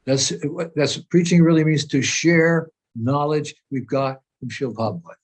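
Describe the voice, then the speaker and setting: Man, fairly high voice, spiritual teacher, informal talk, earnest, repeats himself mid-thought. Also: moderate pace. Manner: earnest, explanatory, repeats phrases while searching for words. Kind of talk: informal spiritual discussion in a meeting.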